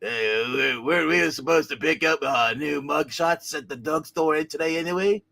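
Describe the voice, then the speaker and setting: A man's voice: on the high side, normal speed, gravelly, sharp tone, heavily acted. A man voicing a bumbling, gloomy male crook in a live comic reading, whiny and defeated. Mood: glum.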